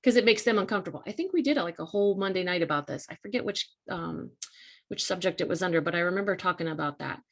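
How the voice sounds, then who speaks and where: Her voice on the low side, expressive and quick, a woman leads a live coaching talk. She talks to listeners directly in a casual, earnest way, stressing and repeating the main points.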